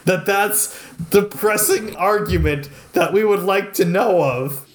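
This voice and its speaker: Higher-voiced man, exasperated and incredulous. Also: takes it slowly. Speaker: podcast co-host. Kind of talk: casual comedic chat.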